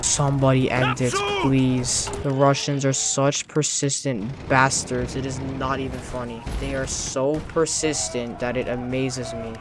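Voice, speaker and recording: A man's voice: medium pitch, little pitch movement, measured pace, hardly any pauses, very noisy. A man giving let's-play commentary while gaming, exasperated, pleading and swearing often. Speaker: gaming channel host.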